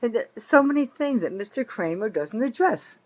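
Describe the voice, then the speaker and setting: A rough recording captures an older woman from North Jersey, USA, ranting angrily about politics to camera, her intonation lively and her pace moderate. The vlogger's bitter, profane tirade swings from loud outbursts to low muttering.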